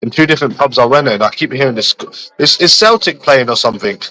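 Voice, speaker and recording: A man's voice: mid-range voice, lively intonation, fast, sharp tone, no room sound, rough recording. A young man, chatting casually with friends in repetitive, laughing, slangy banter. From London. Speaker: streamer.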